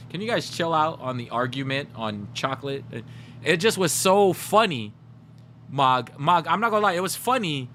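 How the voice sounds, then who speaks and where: A man's voice: fairly high pitch, fairly bright tone, a little hiss or hum. A man streaming live, chatting casually with his viewers and telling stories straight to chat. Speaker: gaming livestreamer.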